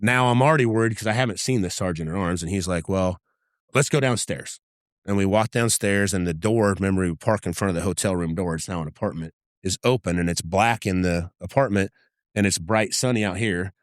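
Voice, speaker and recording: A man's voice: low voice, fast talker, no echo, clean studio sound. A middle-aged man, a podcast guest and former undercover agent, telling vivid, profane stories in casual talk and acting out what people said. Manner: vivid, profane anecdote-telling that acts out dialogue. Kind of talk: casual storytelling interview.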